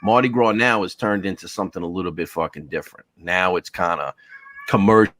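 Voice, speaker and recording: A man's voice: deep voice, fairly quick, fairly bright tone, no room sound, clean studio sound. A middle-aged man, a podcast guest telling rambling, profane stories over a video call and calling everyone bro. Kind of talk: casual storytelling chat.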